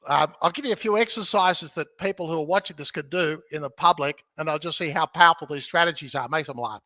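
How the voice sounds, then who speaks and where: High bright guy, guest on a podcast, jokey and upbeat, keeps saying okay?, dry close sound. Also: fast talker, dry recording. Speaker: podcast guest, real estate educator. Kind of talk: animated teaching in conversation.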